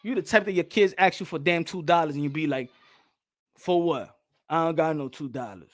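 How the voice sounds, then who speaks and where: A man's voice: on the high side, fairly bright tone. A man hosting a boxing channel, delivering a heated, profane rant at his viewers with mocking impressions.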